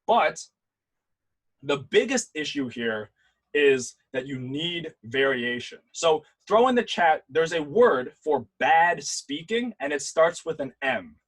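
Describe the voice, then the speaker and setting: A young man with a slightly raised, husky voice teaches debate over a video call. He is lively and demonstrative, shifting between loud bursts and calm, quiet stretches. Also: fairly high pitch, slow pace, rough recording. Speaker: debate instructor. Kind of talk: online workshop lecture. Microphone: computer mic on a video call.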